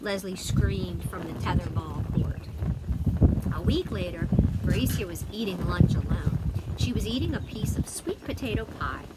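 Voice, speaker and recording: A woman's voice: fairly low pitch, animated, normal speed. A woman reading a children's chapter book aloud outdoors in a friendly, chatty way. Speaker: storybook reader. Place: outdoors by a fire. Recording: loud outdoor noise. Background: wind and a barking dog.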